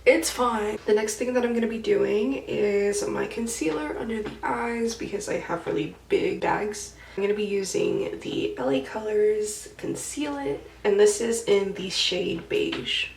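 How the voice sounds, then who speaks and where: A young woman talks through her makeup routine in a loose, giggly, filler-heavy way. Her voice carries a gravelly fry. She sits back from the mic in a roomy, echoey space with a faint hiss underneath. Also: medium pitch, measured pace, hardly any pauses, a little mellow. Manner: chatty, giggly, lots of "like". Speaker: beauty vlogger. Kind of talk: casual get-ready-with-me chat. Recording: echoey room, mic a bit far off.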